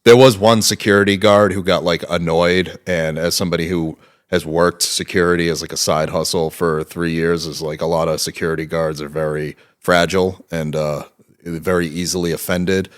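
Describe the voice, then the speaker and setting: In a relaxed interview, a guest in his thirties drifts from anecdote to anecdote in a deep, low voice, using lots of fillers. He speaks at a moderate pace, casually and with frequent profanity.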